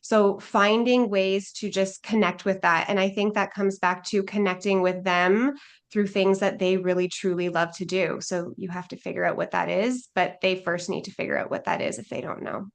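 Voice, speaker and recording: A woman's voice: mid-range voice, little pitch movement, normal speed, creaky. A woman guest on a podcast, a life coach speaking in an earnest, reflective way with many filler likes. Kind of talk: casual interview chat.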